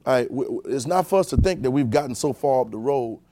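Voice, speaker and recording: A man's voice: lively intonation, quick pace, no echo. Man preaching a loose, conversational sermon. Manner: informal, talks directly to the congregation, swings between low and loud emphasis.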